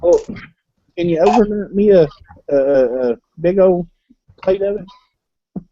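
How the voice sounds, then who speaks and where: A man's voice: high voice, lively intonation, takes it slowly, no room sound. A man hosting a casual live-stream chat, joking and teasing his guests. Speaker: host. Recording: dull lo-fi stream audio.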